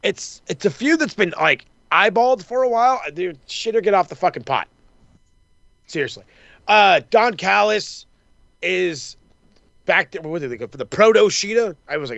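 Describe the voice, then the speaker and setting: A man with a fairly high, gravelly voice and a bright, forceful edge rattles through a casual recap chat. He swears constantly and slips into quick impressions of the people he quotes. The sound is dry and close. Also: no echo, lo-fi sound. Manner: profane, excitable, acts out quotes. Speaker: wrestling podcast host.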